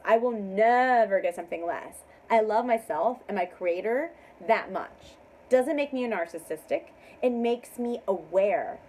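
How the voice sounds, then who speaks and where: A woman giving a casual tarot reading to camera, making emphatic affirmations, laughing often and sometimes dropping to a soft hush. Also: a little high, a little hiss or hum, rough recording. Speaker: tarot reader.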